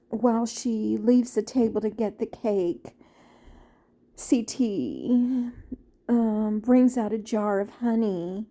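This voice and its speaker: A woman and former teacher reviewing a film off the cuff, halting and heartfelt, with many fillers and restarts. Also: mid-range voice, warm tone. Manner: tender, heartfelt.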